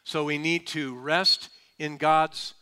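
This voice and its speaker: Brief: male pastor, bright and forceful voice, folksy, emphatic sermon delivery. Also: on the high side, steady tone, slow, clear, resonant tone. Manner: emphatic, calls for audience responses; folksy and humorous.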